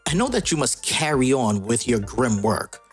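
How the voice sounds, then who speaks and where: A man's voice: mid-range voice, very animated, moderate pace, soft background music, close to an everyday voice. A man reading a fickle immortal goddess daughter. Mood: earnest. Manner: read aloud from a comic.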